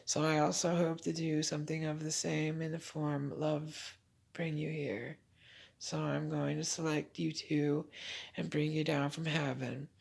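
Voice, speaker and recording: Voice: mid-range voice, little pitch movement, measured pace, vocal fry, darkish tone, slightly rough. A vlogger in a rambling, emotional personal monologue, laughing often and trailing off mid-thought.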